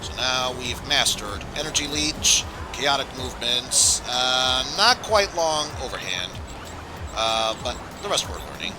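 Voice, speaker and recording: A man's voice: mid-range voice, animated, unhurried, rough recording. A male streamer commenting on his gameplay, thinking aloud with hesitant fillers. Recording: game music playing behind.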